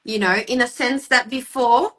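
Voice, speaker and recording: Bright high-voiced woman hosting a live chat. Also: moderate pace. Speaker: host and hair educator.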